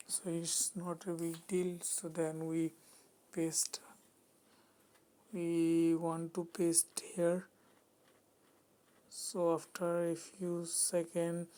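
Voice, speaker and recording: A programming tutor narrates a screen-recorded coding walkthrough in a low, flat voice. She speaks slowly and hesitantly, halting and restarting often.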